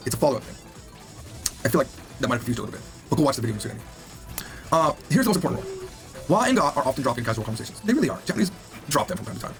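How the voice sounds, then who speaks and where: A man's voice: medium pitch, very animated, very fast, long pauses, soft background music. A man teaching a recorded language lesson, upbeat and joking as he explains grammar rules.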